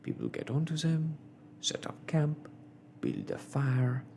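A man voicing a polite, precise young manservant in a soft, measured whispered role-play. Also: on the high side, wildly swooping pitch, vocal fry, slight background noise, voice pushed up, full character voice. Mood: earnest.

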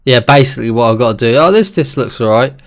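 Quick and mid-range, this male streamer riffs through live gameplay in a loose, excitable way. He curses frequently and keeps up a running conversation with his audience.

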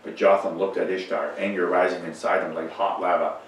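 A man's voice: low-pitched, level tone, a little fast, a little hiss or hum. A man reading a children's story aloud in a church, telling it expressively. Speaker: reader. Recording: echoey church from far off.

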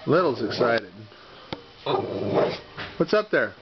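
A man chatters to his dogs in a teasing, coaxing sing-song, dragging his words out slowly. His voice sits a little high for a man. The home video sounds muffled, with a steady hiss behind him. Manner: playful baby talk to dogs, teasing and coaxing. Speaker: dog owner filming his pets.

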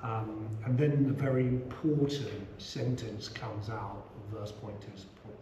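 A middle-aged man teaches a relaxed scripture class, chatty and full of asides. His voice is mellow and mid-pitched. He was recorded on a small action camera in a roomy indoor space with a faint hum behind him. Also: a little slow, lo-fi sound. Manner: chatty, many asides and "you know".

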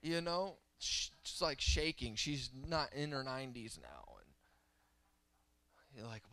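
Animated man preaching a sermon. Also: mid-range voice, measured pace, dry recording. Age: 30s. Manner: animated, humorous, swings between loud and soft.

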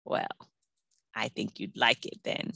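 A woman's voice: slow pace, pushed and bright, no room sound. A woman teaching a preschool class, coaxing the children to repeat words and join in songs.

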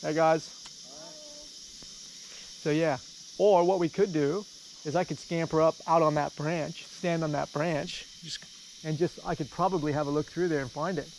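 Canadian man, vlogger, boastful joking banter outdoors; slightly high voice. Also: fairly even intonation, moderate pace, long pauses, darkish tone, slight background noise. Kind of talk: casual chat. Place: outdoors in rainforest.

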